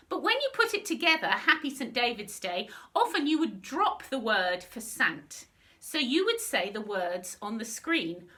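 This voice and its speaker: A woman's voice: fairly high pitch, pushed and bright. A woman patiently teaching children how to pronounce words in a school lesson video. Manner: patient, clear pronunciation teaching. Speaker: language helper.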